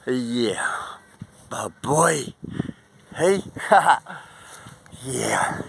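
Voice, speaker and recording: A young man talking casually and affectionately to wild birds outdoors, swinging between a high sing-song and hushed whispers. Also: takes it slowly, long pauses. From Australia. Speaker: vlogger. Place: outdoors near a fence.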